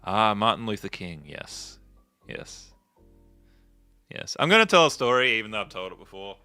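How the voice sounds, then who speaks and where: A man's voice: fairly low pitch, big pitch swings, moderate pace, pushed and bright, smooth, no room sound, faint music behind. A man chatting and joking casually while playing a game, rambling into stories as he goes. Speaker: gaming video host. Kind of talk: casual gameplay commentary.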